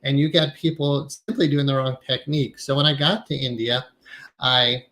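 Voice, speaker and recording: A man giving a conversational lecture on meditation to a class, talking in a relaxed, reflective way with some fillers. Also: mid-range voice, moderate pace, low-quality recording. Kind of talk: casual lecture.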